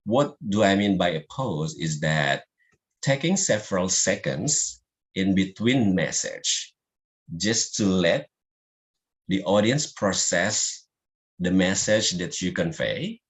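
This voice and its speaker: Slow-talking deep-voiced man teaching. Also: big pitch swings. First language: Indonesian. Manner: slow, explaining, non-native grammar. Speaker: public speaking teacher. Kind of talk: online class presentation.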